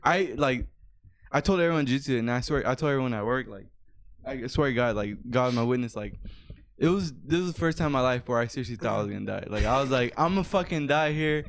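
A man in his twenties telling a story in casual chat, animated, swearing a lot and saying "bro" often. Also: medium pitch, fast talker, creaky. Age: 20s.

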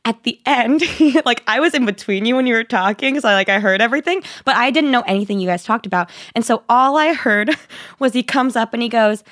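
Young woman, podcast co-host, giggly storyteller, higher voice, dry close mic. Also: fairly quick, a bit bright, dry recording. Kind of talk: casual chat.

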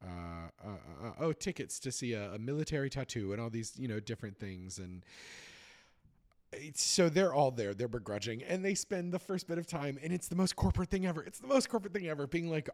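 A man casually recapping a sitcom episode, rambling with fillers and restarts and getting animated when he retells jokes. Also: medium pitch, brisk.

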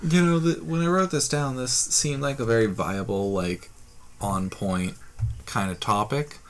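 A man's voice: medium pitch, measured pace, rough recording. A man co-hosting a podcast, telling stories and acting out the lines of people in them. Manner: animated storyteller, acts out quotes. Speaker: podcast co-host. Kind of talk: casual chat.

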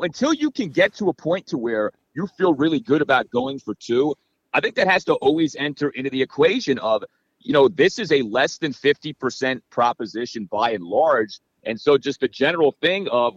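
A man's voice: mid-range voice, brisk, dry recording, lo-fi sound. A man on a podcast talking through football strategy in a casual, analytical way, with lots of "you know" and "like". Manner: animated, analytical, many fillers.

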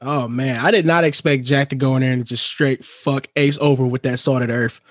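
A man co-hosting a podcast, reacting excitedly to a TV episode and swearing casually. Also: medium pitch, brisk, no room sound, clean studio sound. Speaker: podcast co-host. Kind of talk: casual recap chat.

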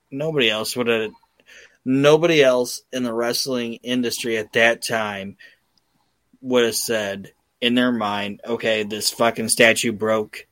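A man's voice: medium pitch, no echo. A man hosting a podcast, telling stories in casual chat with lots of swearing and acted-out quotes. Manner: excited, profane storytelling with acted-out quotes. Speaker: podcast host.

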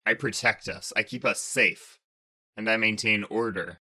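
A man's voice: fairly low pitch, measured pace, pushed and bright, breathy edge, heavily acted. Storybook villain: a snarling, menacing male planet ruler, put on by a man narrator. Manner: growling, snarling, domineering. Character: huge arrogant male planet king, menacing.

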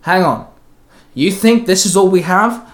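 A man's voice: high-pitched, lively intonation, unhurried, fairly bright tone, voice pushed up. Guy doing a stern confident team leader, dry.

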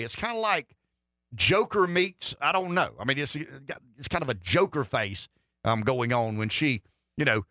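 In a radio studio, a middle-aged political talk show host speaks with a bright, forceful, medium-pitched voice. His delivery is meandering and dry-humored with many restarts, captured in studio quality with no echo.

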